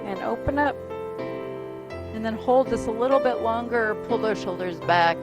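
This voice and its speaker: A woman in her fifties leading a gentle stretching class, giving breathing cues and chatting with the group between moves, encouraging and quick to laugh. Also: on the high side. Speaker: fitness instructor. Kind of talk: gentle exercise class instruction mixed with casual chat. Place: dining room used for a group exercise class. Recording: clear music playing behind.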